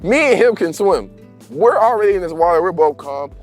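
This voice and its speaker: A man's voice: high voice, animated, fairly quick, faint music behind. A young man telling a story in casual, slangy chat and laughing as he goes.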